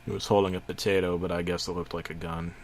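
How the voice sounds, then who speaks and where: Low-voiced man narrating mock horror. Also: level tone, fast talker, slight background noise. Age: middle-aged. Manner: mock-serious, stammers over words. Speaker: creepypasta narrator. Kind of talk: parody horror story narration.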